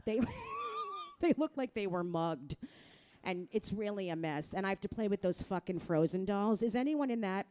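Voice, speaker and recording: A middle-aged woman from New Jersey doing a crude, self-mocking stand-up set, talking straight to the crowd and jumping into loud mock voices. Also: medium pitch, lively intonation, moderate pace. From New Jersey, USA. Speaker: stand-up comedian.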